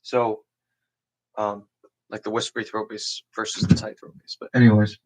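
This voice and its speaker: A young man casually explaining beatbox basses on a livestream, rambling with lots of "you know" and "like" and clearing his throat often. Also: monotone, normal speed, darkish tone, rough recording. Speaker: beatbox teacher.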